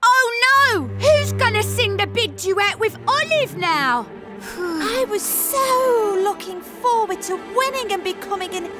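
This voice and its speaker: An eager, earnest young schoolkid, voiced by a woman. The very high voice is lively and unhurried. Loud cartoon music plays behind. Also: exaggerated voice. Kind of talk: cartoon voice acting.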